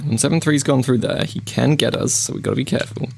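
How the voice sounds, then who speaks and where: A man with a medium-pitched, creaky voice talks quickly over a noisy background while commentating his own let's play. He's chatty and easily spooked, letting out jumpy, panicked yelps and repeating phrases when scared.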